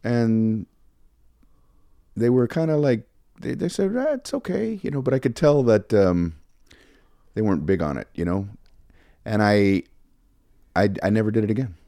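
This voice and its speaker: An older man with a lowish voice, a comedian guest in a casual chat. He tells easygoing anecdotes. The sound is dry and close. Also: moderate pace, long pauses, mellow, no room sound.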